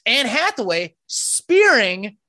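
A man trading jokes on a podcast, playful and mock-serious. His pitch swings widely as he riffs and laughs. The sound is close and dry. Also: sing-song, slow pace, sharp tone, no echo. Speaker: podcast co-host. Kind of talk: casual banter.

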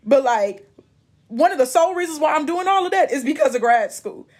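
A woman's voice: sits high, expressive, brisk. A young woman in her twenties, from Indiana, talking frankly and openly about her own life in a conversational way. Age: 20s. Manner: frank, conversational, emotionally open. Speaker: young churchgoer sharing her story. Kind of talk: candid personal talk.

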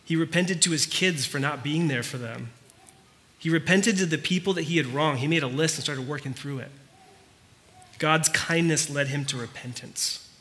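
A man preaching, telling a story in a conversational way that turns quiet and earnest. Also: on the high side, moderate pace. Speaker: pastor. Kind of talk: sermon.

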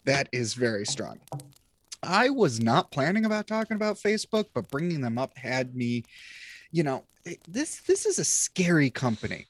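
A podcast host in their thirties who rants with animated energy and drops the odd swear word. The voice sits at a middling pitch, and the recording is dry and close. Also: moderate pace, no room sound. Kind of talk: casual chat.

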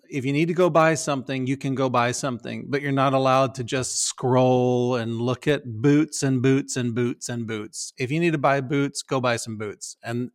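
Earnest man teaching on a podcast. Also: mid-range voice. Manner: earnest, stumbles and restarts, playful teasing. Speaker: pastor and podcast co-host. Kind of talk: casual chat.

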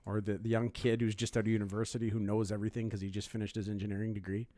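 A man's voice: fairly low pitch, little pitch movement, very fast, a crowd in the background. A man in his forties co-hosting a podcast in casual banter, laughing often and swearing through rambling asides. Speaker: podcast co-host.

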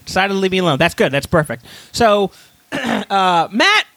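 A man's voice: sits high, very animated, moderate pace, bright, forceful tone, no room sound. A man co-hosting a casual podcast, telling an absurd made-up story full of swearing and filler words. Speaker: podcast co-host. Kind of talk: casual chat, rambling storytelling.

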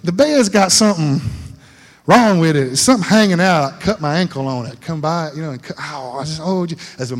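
A man's voice: on the high side, lively intonation, brisk. A middle-aged man preaching a sermon, telling a folksy story and laughing often. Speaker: pastor. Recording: long hall reverb.

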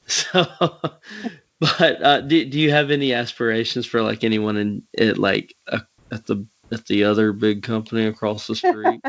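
A man's voice: on the low side, steady tone, normal speed, a bit bright, lo-fi sound. A man with a Southern US accent hosting an interview, rambling and hesitant, laughing often. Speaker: podcast host. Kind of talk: casual interview chat.

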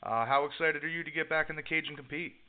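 A man's voice: fairly high pitch, fast. A man hosting a combat sports radio show, recapping the week's news in a casual, brash manner before interviewing a fighter. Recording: dry phone-quality line.

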